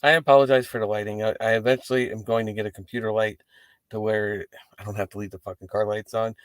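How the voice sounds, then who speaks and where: A man's voice: lowish voice, quick pace, no room sound. A man hosting a wrestling post-show, talking casually and profanely to the camera from inside his parked car. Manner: rambling, profane, animated asides.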